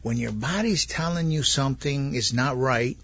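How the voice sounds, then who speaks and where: A man casually retelling a story, rambling and animated, acting out the dialogue he heard. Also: medium pitch, normal speed, dry recording. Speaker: guest telling his story. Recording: dull lo-fi audio.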